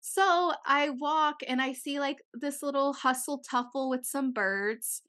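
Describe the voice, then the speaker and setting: Young female co-host, bright and slightly high, animated storyteller who swears freely. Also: a little slow. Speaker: podcast co-host. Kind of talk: casual chat.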